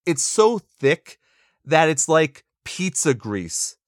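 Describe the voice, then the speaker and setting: A man's voice: fairly high pitch, sing-song, takes it slowly, crowd noise. Opinionated man in casual podcast chat. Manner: opinionated, sarcastic, laughs often. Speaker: podcast co-host. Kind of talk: casual movie review chat.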